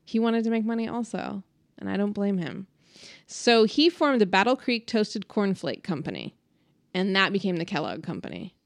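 A woman's voice: mid-range voice, very animated, moderate pace, creaky, no room sound. Chatty, laughing woman podcaster. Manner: chatty, laughing, uses "like" a lot. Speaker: podcast co-host. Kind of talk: casual chat.

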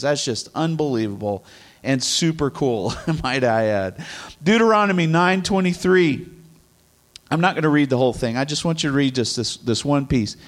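A middle-aged man teaching from the Bible in an earnest, conversational way, repeating his key phrases. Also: on the high side. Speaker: preacher.

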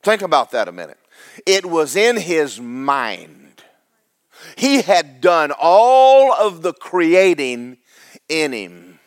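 A man's voice: fairly high pitch, big pitch swings, slow, dry recording, clean studio sound. A man preaching a sermon, folksy and storytelling, acting out the characters. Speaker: pastor.

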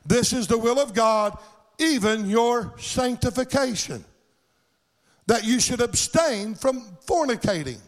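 A male pastor preaching a sermon in a sing-song cadence, swelling into shouts, in a church. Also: very high voice, lively intonation, slow. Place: church sanctuary.

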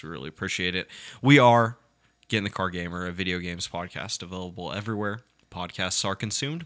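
A man's voice: on the low side, bright, forceful tone. A young man co-hosting a casual podcast, telling rambling, profane stories and laughing through them. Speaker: podcast co-host.

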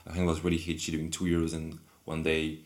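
A man's voice: a bass voice, monotone, quick pace. A man in casual conversation, telling a long story in a rambling, hesitant way with many repeats and restarts. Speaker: guest.

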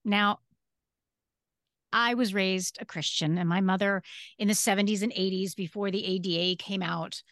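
A woman's voice: mid-range voice, steady tone, normal speed, fairly bright tone, no echo, studio quality. A woman in her fifties, a guest on a podcast, telling her personal story earnestly and emphatically, repeating key phrases. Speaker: podcast guest and disability advocate. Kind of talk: casual interview storytelling.

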